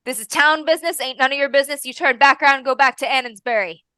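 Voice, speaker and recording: A woman voicing hostile rural townsmen in a tabletop game, speaking in a rough, defiant folksy way. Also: high voice, fast talker, pushed and bright, no echo, voice pushed up.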